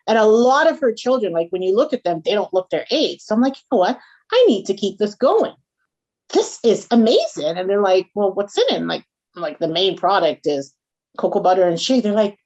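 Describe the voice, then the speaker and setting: A woman's voice: medium pitch, normal speed, muffled recording. A woman from a Caribbean background, telling stories in a casual interview and often checking in with "right?". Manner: animated storyteller, frequent "right?" and "you got it". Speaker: guest, small food business owner.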